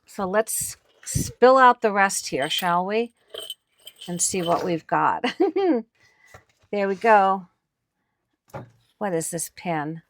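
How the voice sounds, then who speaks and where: A woman's voice: mid-range voice, animated, takes it slowly, long pauses. A woman host chatting on camera at an estate sale, showing finds to viewers with chatty enthusiasm. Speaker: antiques picker and channel host. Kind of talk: casual on-camera commentary.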